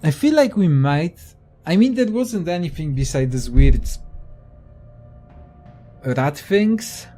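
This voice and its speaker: A man's voice: a little high, very animated, takes it slowly, long pauses, mellow, soft background music. A young man casually commenting on a video game and reading its text aloud, offhand and profane. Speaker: let's play gamer.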